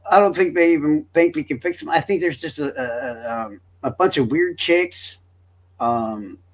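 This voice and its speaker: A man's voice: medium pitch, a bit bright. A young man from Florida, rambling through crude, joking commentary as a streamer.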